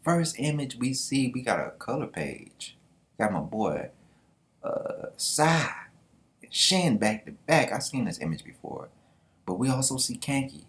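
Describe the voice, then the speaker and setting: A man hosting a casual manga reaction vlog, excited and slangy, swearing freely. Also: medium pitch, measured pace. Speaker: manga reaction channel host.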